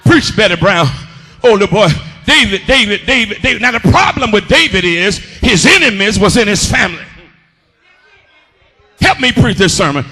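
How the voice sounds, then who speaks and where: A man preaching a sermon in a church, shouting in a sing-song cadence and calling on the congregation to answer. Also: high voice, sing-song, normal speed, breathy edge. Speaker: pastor. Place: church sanctuary.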